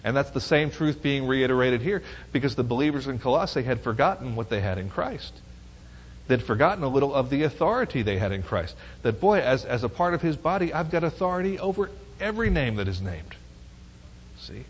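A man's voice: medium pitch, sing-song, a little fast, breathy edge. A middle-aged man teaching a Bible study in a conversational way, often asking listeners if they follow. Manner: conversational, asks listeners rhetorical questions. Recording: muffled lo-fi recording with long hall reverb.

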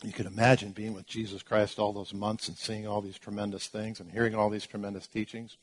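A man's voice: lowish voice, flat delivery, a little fast. A man preaching a sermon, teaching through Bible verses in an emphatic way, with asides and restarts as he explains.

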